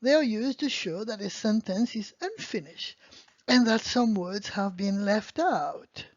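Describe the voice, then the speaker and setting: A woman's voice: medium pitch, expressive, unhurried, dry recording. A woman teaching beginner French grammar, explaining patiently and answering her own questions. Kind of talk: online language lesson. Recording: dull lo-fi dry sound.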